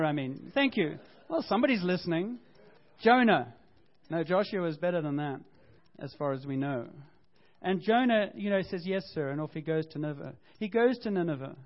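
Lively pastor preaching, lo-fi sound. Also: male voice, a little high. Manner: animated storytelling with voiced quotes and self-corrections. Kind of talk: sermon. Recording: dull lo-fi sound.

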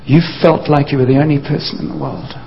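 A man's voice: on the high side, level tone, fast, gravelly, a little hiss or hum. A man preaching a sermon, telling the story vividly and briefly acting out the voices of the people in it. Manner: storytelling, acts out voices of disciples. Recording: dull sound, long hall reverb.

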